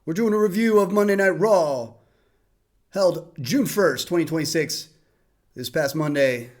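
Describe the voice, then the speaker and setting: A man's voice: a little high, measured pace. Rambling man hosting a wrestling review. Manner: rambling, with many fillers and restarts. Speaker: host. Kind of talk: casual wrestling show review.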